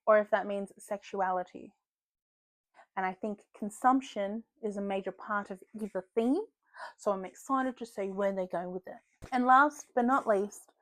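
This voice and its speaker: A woman's voice: mid-range voice, no room sound. A woman vlogging about books in a chatty, joking way, swearing casually. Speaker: book vlogger. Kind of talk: casual chat.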